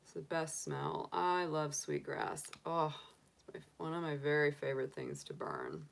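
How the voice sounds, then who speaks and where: A chatty, upbeat woman hosts a casual tarot livestream, greeting viewers by name. Her voice sits a little low for a woman, and she keeps an easy, enthusiastic flow. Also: animated, moderate pace, creaky. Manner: cheerful and enthusiastic. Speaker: tarot reader and livestream host.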